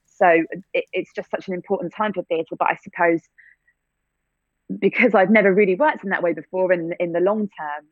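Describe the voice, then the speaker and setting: A woman's voice: lowish voice, fairly even intonation, fairly quick, no echo. Woman actor on a tinny phone line. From England. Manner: reflective, many restarts and fillers, light laughs. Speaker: actor and theatre-maker. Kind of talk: conversational interview answers.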